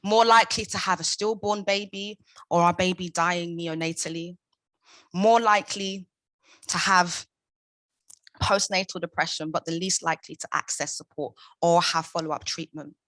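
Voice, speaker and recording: A woman's voice: on the low side, steady tone, moderate pace, fairly bright tone, no echo. A young adult woman giving a prepared conference talk, impassioned and emphatic, driving her points home with rhetorical questions. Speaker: conference speaker, founder of a maternal support group.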